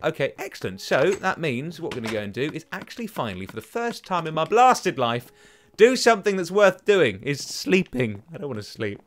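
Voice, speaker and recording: Lively rambling young man gaming. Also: on the high side, brisk, slight background noise. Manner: rambling, talks to himself and taunts enemies. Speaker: gaming channel host. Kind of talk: let's play commentary. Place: at home. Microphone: desk microphone.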